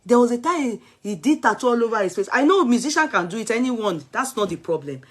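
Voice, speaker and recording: A woman vlogger with a Nigerian accent offers casual celebrity commentary, chatty and emphatic, switching freely among English, Yoruba and Pidgin. Her voice sits on the high side, expressive and quick.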